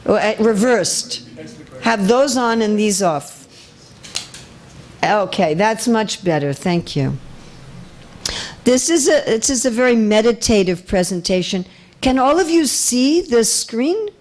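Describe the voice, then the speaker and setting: A woman with a fairly high, animated voice and a darkish tone lectures on religion before a live temple-hall audience, speaking slowly with long pauses. The visiting speaker is chatty and gently teasing, regularly checking that listeners follow along.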